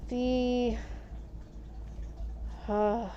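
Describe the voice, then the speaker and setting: Slow-talking woman streamer, muffled audio. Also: fairly high pitch, level tone. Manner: rambling, full of fillers and restarts. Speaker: live streamer. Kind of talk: casual storytelling while gaming.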